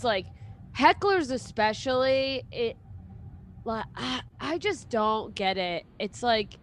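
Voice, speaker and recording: A woman's voice: a little high, expressive, takes it slowly, a little hiss or hum. A young adult woman, a touring stand-up comedian, chatting casually as a guest, laughing often, swearing and acting out quotes. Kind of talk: casual chat.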